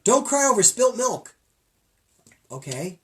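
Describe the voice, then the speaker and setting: A middle-aged man co-hosting a loose comedy podcast, rambling from joke to joke. His pitch leaps and dips all over as he jumps between loud bits and quiet mutters. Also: sing-song, slow. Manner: jokey, rambling, swings between loud bits and low mumbles. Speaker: podcast co-host. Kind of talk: casual comedic chat.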